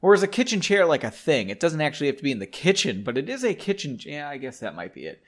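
Male podcast host, reading his own fiction aloud; wry asides, animated pitch. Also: fast talker, few pauses. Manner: self-interrupting, wry, rereads lines in new voices. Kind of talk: casual reading with joking asides.

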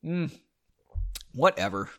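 A man's voice: on the high side, expressive, slow, a bit bright. Rambling self-mocking podcast guy. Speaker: podcast host reading his own book. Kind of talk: casual podcast commentary.

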